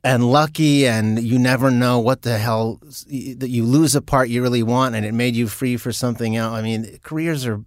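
A middle-aged man talks casually as a studio guest, drifting off mid-sentence and laughing at his own stories. His voice sits at an ordinary pitch. The room is dry, with no echo. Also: fairly even intonation, moderate pace, hardly any pauses. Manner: laughing, self-mocking, trailing off. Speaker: guest actor. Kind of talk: casual chat.

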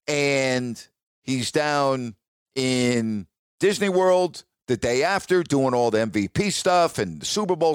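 Recorded cleanly in a studio with no echo, this male radio host has a clear, resonant, slightly high voice. He chats his way through a casual story with emphasis, checking in with his audience by repeating "all right?"

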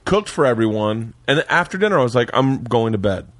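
A man hosting a podcast, telling stories loudly with plenty of swearing in casual chat. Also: mid-range voice, sing-song, brisk, dry recording. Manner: loud, profane storyteller. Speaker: podcast host. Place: home man cave.

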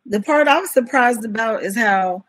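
A woman in her fifties telling stories as an interview guest, animated and often laughing. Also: on the high side, moderate pace. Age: 50s. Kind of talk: casual interview chat.

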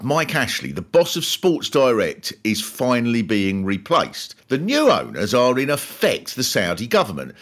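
A male comedian delivering a sardonic, scripted comic monologue as the show's host. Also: fairly bright tone. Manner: sardonic, swoops in pitch for punchlines.

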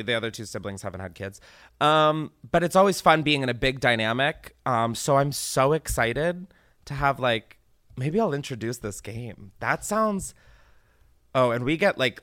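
A man's voice: mid-range voice, fairly bright tone, no echo, studio quality. A man hosting a podcast in casual chat, rambling, laughing often and swearing freely. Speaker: podcast host.

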